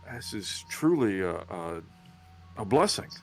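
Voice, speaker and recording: A nervous, devout male pilgrim, as a player puts him on in a tabletop game. He stammers and trips over his own words, with formal, humble phrasing, and his voice sits somewhat low. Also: sing-song, slow, vocal fry, faint music behind, full character voice. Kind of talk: tabletop game role-play.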